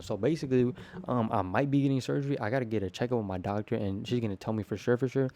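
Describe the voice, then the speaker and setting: A teenage boy talking casually to the camera, telling a story in a profane, slangy, animated way. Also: medium pitch, fast talker. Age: teens. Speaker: teen vlogger. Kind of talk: casual rambling monologue to camera.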